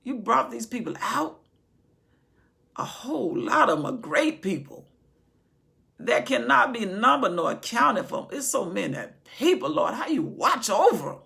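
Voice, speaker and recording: A woman's voice: fairly high pitch, sing-song, measured pace, creaky, fairly bright tone, pitched above the performer's own voice, heavily acted. Woman playing humble young king pleading. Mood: overwhelmed. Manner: pleading, heartfelt.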